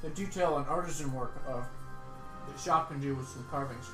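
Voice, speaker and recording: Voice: mid-range voice, moderate pace, reverberant, over music. A tabletop player describing his character's grumbles in a dry tone.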